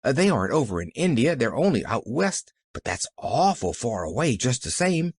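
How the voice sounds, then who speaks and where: A man's voice: mid-range voice, big pitch swings, normal speed, slightly rough, dry recording. A man voicing an eager, cheerful little girl who rambles breathlessly.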